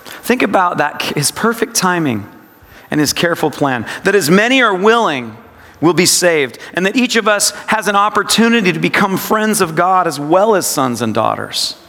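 A man giving a devotional sermon, speaking slowly and reflectively and repeating scripture lines with shifting emphasis. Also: sits high, very animated, sharp tone. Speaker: pastor. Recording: long reverb, hall-like.

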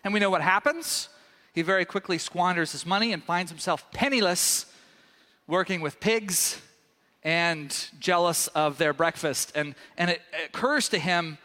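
High bright guy preaching, acts out the story, big echoey hall. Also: measured pace. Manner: animated storyteller, acts out characters with sudden loud bursts. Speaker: pastor. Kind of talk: sermon. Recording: echoey hall with long reverb.

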